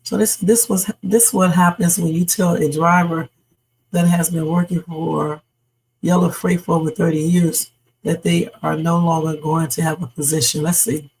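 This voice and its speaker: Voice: mid-range voice, level tone, moderate pace, darkish tone, a little hiss or hum, low-quality recording. A livestream host chatting casually about news stories and reading out viewer comments. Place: home streaming setup.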